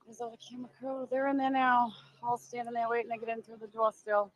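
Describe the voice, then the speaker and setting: Chatty high-voiced Boston woman. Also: level tone, fast talker, low-quality recording. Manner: chatty, emotional, laughs often, greets viewers. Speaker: livestream host. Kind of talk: casual live commentary. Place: outdoors among a crowd. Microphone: phone on a selfie stick.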